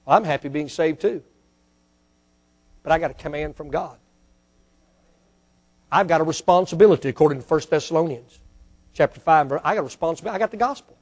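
Fiery preacher man, loud then hushed. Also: a little high, fairly quick, long pauses. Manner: swings from loud fiery preaching to soft pleading prayer. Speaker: pastor. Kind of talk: sermon with altar call. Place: church sanctuary.

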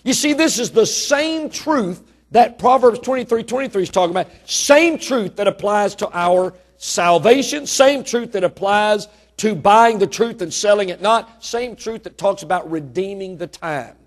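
A man's voice: high voice, expressive, normal speed, hardly any pauses. A man preaching a sermon, stretching key words and swelling in volume as he presses a point.

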